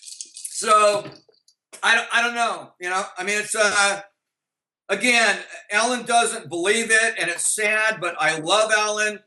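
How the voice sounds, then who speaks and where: Bright-voiced man telling blunt stories. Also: high-pitched, takes it slowly, rough recording. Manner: blunt and profane, with frequent restarts and acted-out dialogue. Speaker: interview guest, former band manager. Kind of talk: anecdotal storytelling in an interview.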